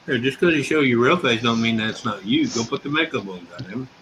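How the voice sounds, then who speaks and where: A man's voice: medium pitch, animated, brisk, a crowd in the background, low-quality recording. A man teasing his friends and laughing often in a streamed voice chat. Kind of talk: casual banter.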